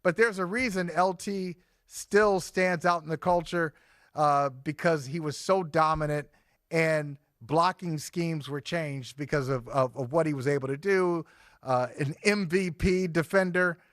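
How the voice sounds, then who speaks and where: A man co-hosts a sports talk show in an easy conversational way, often restarting with a filler. His voice sits a bit high and sounds dry and close. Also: a little slow, fairly bright tone, no echo.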